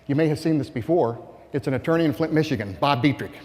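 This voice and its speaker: A man giving a conference keynote speech to sales staff, animated and rhetorical, often asking the audience questions. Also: on the high side, quick pace. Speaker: keynote speaker. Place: conference hall. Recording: long reverb of a large hall.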